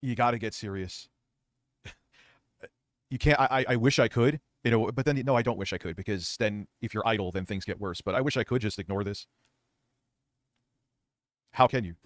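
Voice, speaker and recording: A man's voice: lowish voice, moderate pace, long pauses, no room sound, clean studio sound. A man giving casual reaction commentary, blunt and profane, getting worked up as he talks. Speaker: streamer commentator.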